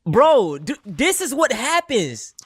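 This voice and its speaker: A man giving casual reaction commentary in an animated, exasperated and blunt way. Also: very high-pitched, slow pace, slightly rough, no echo, clean studio sound.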